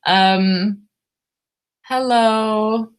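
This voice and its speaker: A hoarse woman from Lithuania hosts a book club live stream, her voice worn thin. She talks at an unhurried pace in middle pitch, rambling and giggling as she greets viewers one by one. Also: fairly even intonation. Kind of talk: live-stream chat, reading viewer comments.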